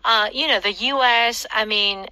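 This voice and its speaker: A woman's voice: fairly high pitch, a little slow, no room sound, poor audio. A middle-aged woman co-hosting a radio English lesson, chatting casually and expressively. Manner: chatty and expressive, with gasps and laughs. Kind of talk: casual chat.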